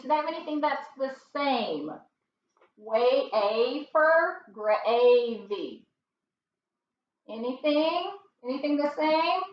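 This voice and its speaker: A woman's voice: high voice, slight background noise. A woman teacher leading a classroom phonics lesson, patient and encouraging, recorded in a classroom. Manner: patient, encouraging, slow and drawn-out. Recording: roomy and dull, from far off.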